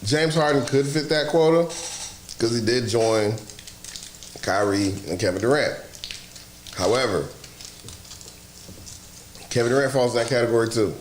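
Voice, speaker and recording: A man hosting a casual sports talk show, loud and profane, laughing often as he talks. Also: mid-range voice, moderate pace, long pauses. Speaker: podcast host. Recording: roomy echo, faint noise.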